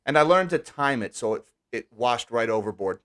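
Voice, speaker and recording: A man hosting a live stream, talking casually and wryly, with quick sarcastic asides. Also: mid-range voice, lively intonation, a bit bright. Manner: chatty, wry, quick asides. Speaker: livestream host.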